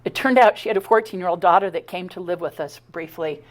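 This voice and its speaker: A middle-aged woman giving a talk, telling her own story in an animated, conversational way, acting out the dialogue and often stumbling and restarting. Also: lowish voice, fast. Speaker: speaker giving a talk on her abduction experiences. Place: talk at a spiritual center.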